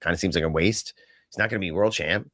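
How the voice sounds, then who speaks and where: A deep-voiced man co-hosts a podcast, talking fast in casual, rambling wrestling chat full of fillers and quoted asides. His tone is fairly bright, and the studio-quality recording has no room sound.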